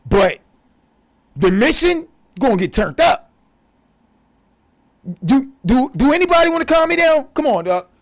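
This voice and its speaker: A man's voice: very high voice, big pitch swings, unhurried, pauses often. A man delivering a profane, confrontational religious rant as a vlogger. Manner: profane, aggressive, preachy.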